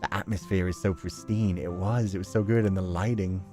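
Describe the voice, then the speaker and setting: A man's voice: sits low, steady tone, fairly quick, over music. A man chatting casually on a live stream, reacting to fan art and laughing often.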